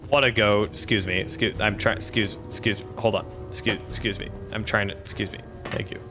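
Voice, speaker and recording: A man's voice: fairly low pitch, steady tone, fairly quick, over music. A man streaming a game, joking and rambling in casual commentary, cursing freely.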